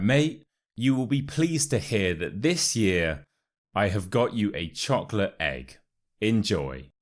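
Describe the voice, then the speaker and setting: A man with a modern RP British accent teaching English expressions, repeating phrases slowly and clearly to show how they sound, with light, playful asides. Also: deep voice. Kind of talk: teaching with pronunciation drills.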